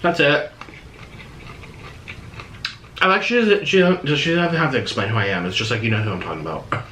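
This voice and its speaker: A man hosting a reaction video, chatting casually and eating between quick remarks. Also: mid-range voice, noisy background. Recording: roomy echo.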